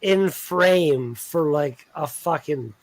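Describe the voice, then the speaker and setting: A man's voice: fairly high pitch, slow pace, low-quality recording. A man on a group video call, talking casually, swearing and stammering through restarts.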